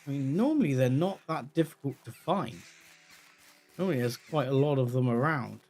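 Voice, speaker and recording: A man giving let's play commentary, chatting calmly and then yelling in panic. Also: medium pitch, moderate pace, soft background music. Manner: excitable, swings from calm chatter to yelling in panic. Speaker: gaming video creator.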